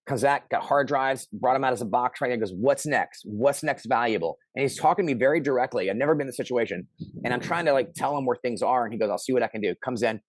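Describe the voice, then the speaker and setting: A middle-aged man telling a personal story in casual conversation, animated and shouting out the lines he quotes. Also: medium pitch, quick pace, dry recording. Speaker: interview guest.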